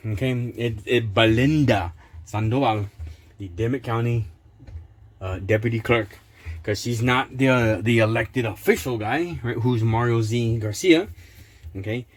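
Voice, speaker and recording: Man, channel host, sarcastic, reads court papers aloud haltingly, indignant outbursts, mid-pitched voice. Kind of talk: casual vlog commentary.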